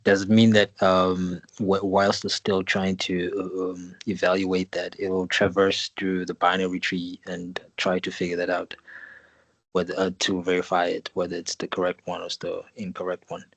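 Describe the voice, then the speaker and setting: A man's voice: sits low, monotone, normal speed, dry recording. A male student asking a hesitant question in class, with ums and restarts, sounding far from the mic.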